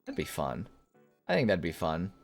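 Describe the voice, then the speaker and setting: A man's voice: deep voice, normal speed, vocal fry, soft background music. A man hosting a gameplay video, chatting casually and rambling with many fillers. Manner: rambling, filler-heavy, relaxed. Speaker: gaming video host.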